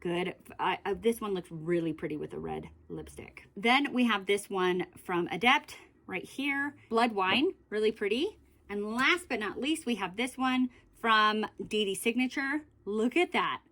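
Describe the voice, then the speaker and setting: A woman's voice: mid-range voice, very animated, a little slow, a bit bright. A woman in a casual beauty vlog, chatting in a rambling way about her lip glosses and correcting herself as she goes. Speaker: beauty vlogger. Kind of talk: casual makeup declutter vlog.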